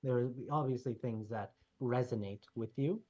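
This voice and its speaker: Serving as game master for a tabletop role-playing game, a man narrates with frequent laughter, slowing down for gentle in-character speeches. His voice is mid-range and the sound is lo-fi.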